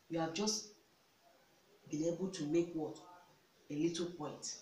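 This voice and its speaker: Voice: mid-range voice, steady tone, a little slow, pauses often, a little mellow. A relationship advice vlogger giving instructive counsel, emphatic, repeating key words and posing rhetorical questions. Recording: echoey room, distant mic, faint hiss.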